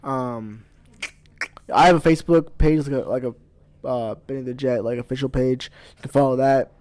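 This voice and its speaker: Young rapper guest, rambling, swears a lot, slightly buzzed, mid-pitched. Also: male voice, steady tone, normal speed, darkish tone. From Iowa, USA. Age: 20s. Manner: rambling, heavy "like" filler, swears freely. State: a little intoxicated. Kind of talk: casual podcast chat.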